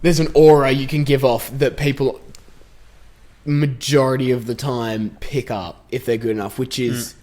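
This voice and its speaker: A young man chats loosely on a podcast at a mid pitch. He rambles, restarts his sentences often and leans on filler words. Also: little pitch movement, normal speed, a little mellow. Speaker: podcast co-host. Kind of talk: casual chat.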